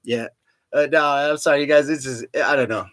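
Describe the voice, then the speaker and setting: A man's voice: medium pitch, fairly even intonation, brisk, fairly bright tone, dry recording. A young man vlogging in a rambling, profane, joking monologue, laughing often and full of fillers. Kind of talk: rambling casual monologue to camera.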